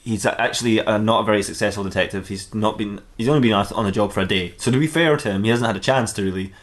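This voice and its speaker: A man's voice: fairly low pitch, quick pace. Rambling man telling a comic story. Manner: rambling, self-interrupting, laughs at own jokes. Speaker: podcast co-host reading fan-fiction. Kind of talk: casual comedic storytelling.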